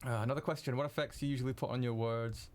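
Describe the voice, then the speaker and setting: Excitable young man, live-stream chat. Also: medium pitch, very fast. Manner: excitable, swears freely, laughs often. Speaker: streamer editing video live.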